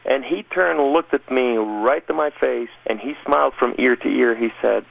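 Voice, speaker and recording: Radio guest, man, gravelly mid-range voice, earnest and emphatic testimony, phone-thin audio. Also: mid-range voice, moderate pace, phone-quality sound. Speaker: guest telling his conversion testimony. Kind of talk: personal testimony in a radio interview.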